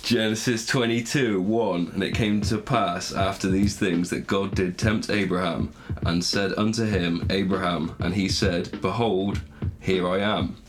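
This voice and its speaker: A hungover man, co-hosting a podcast, reading scripture slowly and stumbling, laughing and swearing casually between verses. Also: low-pitched, fairly even intonation, slight background noise. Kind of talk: casual chat and slow halting reading.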